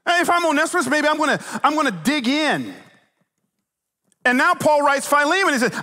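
A male pastor delivers a sermon in a church sanctuary, his voice high and bright at a moderate pace. He tells stories animatedly, swinging between loud and hushed, and the large hall adds long reverb.

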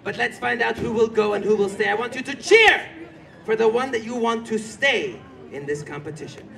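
A man playing a showy, teasing old-Hollywood game show host who shouts to a street crowd. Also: sits high, animated, normal speed, vocal fry, full character voice. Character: showy male 1920s Hollywood emcee, teasing. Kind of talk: live street comedy show. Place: outdoor theme park street. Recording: distant, loud crowd and noise.

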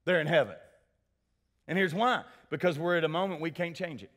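A male pastor preaching a sermon in a church sanctuary, animated, calling for responses and addressing people by name. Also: fairly high pitch, a little fast.

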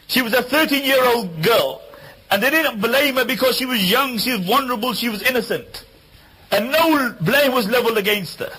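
A man's voice: very high voice, sharp tone, breathy edge, rough recording. A man giving an Islamic lecture, telling a story in an earnest, emphatic way and repeating key lines for weight. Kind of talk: storytelling sermon.

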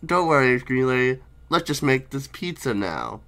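A woman voicing a calm, callous cook who speaks in a low, flat, unbothered way. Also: normal speed, heavily acted. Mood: deadpan. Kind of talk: voicing characters while playing a game.

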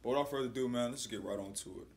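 A man's voice: medium pitch, rapid-fire, slight background noise. A man hosting a casual YouTube reaction video, laid-back and sprinkling his talk with slang.

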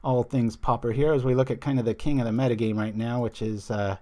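A man's voice: mid-range voice, fairly even intonation, fast talker, mellow. Rambling man commentating a card game. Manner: chatty, rambling, loses his train of thought; reads viewer chat aloud. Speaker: stream host.

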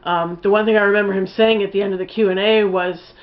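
A woman's voice: mid-range voice, steady tone, fast, phone-quality sound. A woman giving a casual spoken film review, blunt and profane, rambling with lots of fillers.

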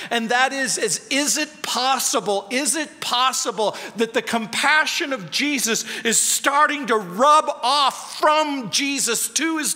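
A male pastor preaching a sermon, moving between quiet intimate tones and sharp lively questions. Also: sits high. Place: church sanctuary. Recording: church hall with long reverb.

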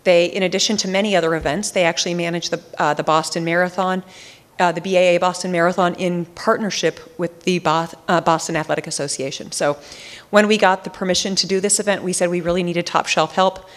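A woman who organizes a charity race speaks at a town hall. She talks fast in a slightly low voice, informal and full of fillers. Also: steady tone.

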